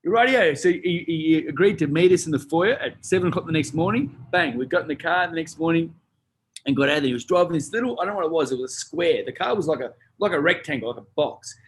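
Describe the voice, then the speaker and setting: An Australian man telling stories in a casual chat, animated and swearing freely, acting out the other people's voices. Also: a little high, fast, slightly rough. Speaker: guest, retired boxer. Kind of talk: casual storytelling.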